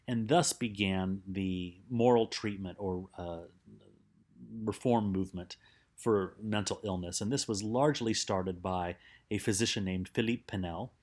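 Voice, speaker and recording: A man teaching a recorded psychology lecture in a conversational way, with many fillers and restarts. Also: fairly low pitch.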